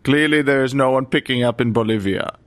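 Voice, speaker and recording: A man's voice: medium pitch, fairly quick. A man hosting a podcast, riffing in playful, mock-official comedy banter over a remote call. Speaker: podcast host.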